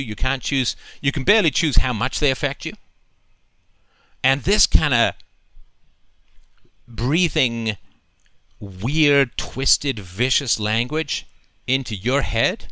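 A man's voice: medium pitch, pushed and bright, no room sound. A male host talking emphatically in a long, flowing monologue, often checking in with "right?". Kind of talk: call-in conversation.

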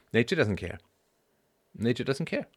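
A man in his fifties hosting a live show, talking in an animated, sarcastic way. He swings from quiet asides to loud, emphatic outbursts and keeps asking "right?". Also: medium pitch, takes it slowly, breathy edge. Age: 50s. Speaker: show host.

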